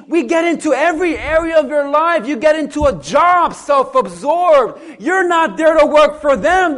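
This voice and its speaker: A pastor preaching a sermon, swinging from quiet asides to loud, animated calls and acting out what people say. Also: male voice, very high-pitched.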